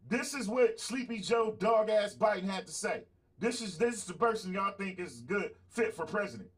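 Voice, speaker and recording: A man with a high voice rants in a fired-up, profane way on his livestream. He talks straight to his audience, swearing hard and fast. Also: animated, breathy edge. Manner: heated, profane, talks to chat directly. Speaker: podcast host. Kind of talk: livestream commentary.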